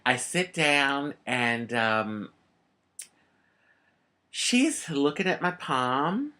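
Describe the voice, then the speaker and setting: Lively middle-aged woman telling a story. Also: very deep voice. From United States. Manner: animated, laughs often, acts out the people in the story. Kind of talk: casual storytelling.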